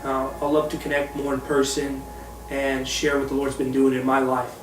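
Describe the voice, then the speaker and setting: A man's voice: mid-range voice, monotone, normal speed, recorded from a distance. A young man in his twenties, a missionary telling his personal testimony and appealing for support in an earnest, heartfelt way. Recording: roomy echo, voice away from the mic, faint music. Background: faint music.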